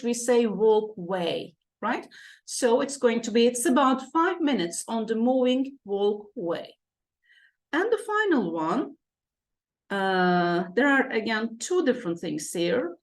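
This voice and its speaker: A native Turkish woman explains English vocabulary slowly and patiently, her fairly high voice rising and falling a lot. She often repeats words and checks back with the listener, like a teacher at the board. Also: sing-song. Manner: patient, repeats key words, asks "okay?" and "right?" often. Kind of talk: classroom-style explanation.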